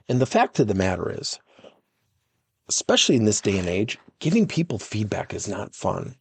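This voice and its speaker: A man's voice: lowish voice, moderate pace, creaky, breathy edge, no echo. A middle-aged man, a workplace coach and podcast host, telling stories and acting out the dialogue. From United States. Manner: animated, acts out dialogue in stories. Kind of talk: storytelling coaching talk.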